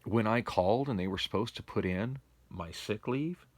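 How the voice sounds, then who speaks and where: A man's voice: on the low side, normal speed, dry recording. A man vlogging from home on a phone, rambling and complaining wearily in a casual monologue. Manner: weary, complaining, meandering with restarts. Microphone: phone camera.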